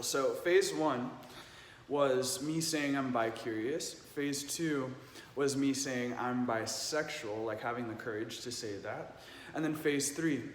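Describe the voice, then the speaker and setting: This vlogger is a young adult man of medium pitch, recounting something personal with earnest emotion and plenty of "like" fillers. There's slight background noise, faint ambience, and the long reverb of an echoey room.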